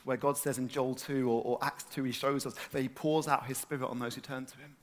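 Animated man preaching conversationally. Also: medium pitch, brisk, hardly any pauses. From north London, England. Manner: conversational, animated, asks the room questions. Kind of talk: sermon.

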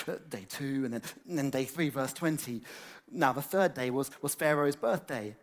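A man preaching a sermon, animated and conversational, with many fillers and repeated words. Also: medium pitch, normal speed. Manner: animated, acts out excited quotes.

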